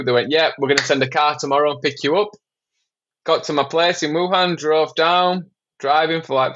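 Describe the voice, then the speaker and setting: A man's voice: a little high, muffled recording. Swearing storyteller man from England. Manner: animated storyteller, swears a lot, says "man". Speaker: podcast guest, documentary filmmaker. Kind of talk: casual storytelling.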